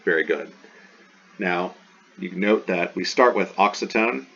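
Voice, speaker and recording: Man, very deep voice, teacher, recorded lesson, slow repeated terms, muffled lo-fi audio. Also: gravelly, pushed and bright, breathy edge. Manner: enthusiastic, repeats terms slowly. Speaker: Greek teacher. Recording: dull lo-fi recording with faint hiss.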